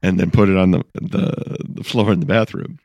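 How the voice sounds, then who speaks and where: A man co-hosting a comedy podcast, answering with laid-back, dry jokes and quick agreement. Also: sits low, vocal fry, a little mellow, no echo, lo-fi sound. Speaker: podcast co-host.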